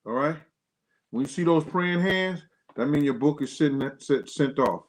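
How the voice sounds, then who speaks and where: A man's voice: moderate pace, poor audio. A man hosting a casual livestream, talking loosely and in slang straight to his viewers, his voice jumping up when he gets worked up. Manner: pitch jumps up sharply when worked up. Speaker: livestream host.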